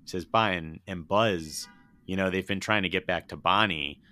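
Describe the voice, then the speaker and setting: A man's voice: low-pitched, normal speed, pushed and bright. A young man chatting casually about films on a podcast, rambling and emotional, cursing freely. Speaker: podcast co-host.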